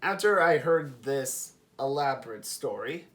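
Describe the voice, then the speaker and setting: A man's voice: medium pitch, a little slow. A young man vlogging, chatting casually as he tells a personal story and laughing along the way. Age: young adult. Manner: animated, chatty, laughs while telling.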